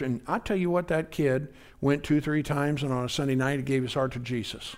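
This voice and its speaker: The man preaches a little fast in a medium-pitched voice with fairly even intonation. Keeping his sermon conversational, he regularly asks his listeners whether they're following.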